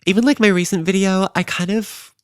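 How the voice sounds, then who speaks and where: A young woman chats upbeat as a podcast co-host, tossing in casual slang. Her voice is smooth and resonant, and the recording is dry with no room sound. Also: mid-range voice, fairly even intonation, brisk, dry recording. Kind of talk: casual chat.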